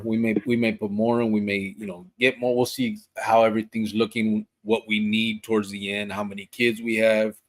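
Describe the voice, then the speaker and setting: Low-voiced man reading out live comments. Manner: relaxed, loose, with fillers and restarts. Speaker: podcast host reading viewer comments. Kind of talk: casual live-stream chat.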